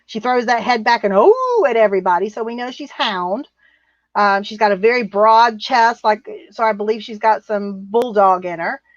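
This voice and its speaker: A woman's voice: medium pitch, fairly even intonation, moderate pace, dry recording, dull audio. A woman co-hosting a casual livestream, chatting and reading viewer comments in a rambling, easily amused way. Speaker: livestream co-host. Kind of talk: casual live-stream chat reading comments.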